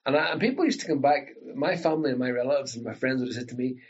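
Husky Ulster Scots man telling stories. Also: mid-range voice, very fast. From Northern Ireland. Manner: animated storyteller who acts out family voices. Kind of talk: casual storytelling chat. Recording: dull lo-fi recording.

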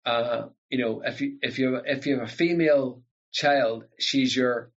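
A husky-voiced man with a broad Ulster Scots accent, talking in a chatty storytelling way. He stumbles and repeats words as his stories run on, and the recording sounds a little dull and muffled. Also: medium pitch, moderate pace. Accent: Northern Irish, Ulster Scots. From Northern Ireland. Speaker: guest, linguist. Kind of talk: storytelling conversation.

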